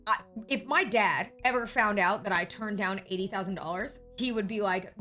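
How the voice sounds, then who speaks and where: A woman's voice: mid-range voice, moderate pace, bright, forceful tone, soft background music. A young woman streamer telling a story to her viewers in a blunt, profane way. She keeps adding a checking "okay?".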